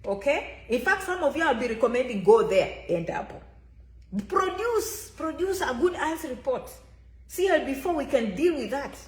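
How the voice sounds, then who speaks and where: A woman's voice: sits high, darkish tone, reverberant. A woman giving an emphatic, repetitive motivational talk to her viewers as an immigration consultant, often referring to herself by name.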